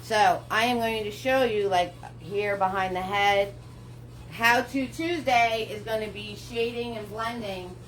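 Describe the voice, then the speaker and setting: Slow, chatty woman painting instructor. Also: medium pitch, slight background noise, low-quality recording. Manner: chatty, encouraging, talks herself through steps; slow, unhurried delivery with little laughs. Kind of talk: live paint-along tutorial.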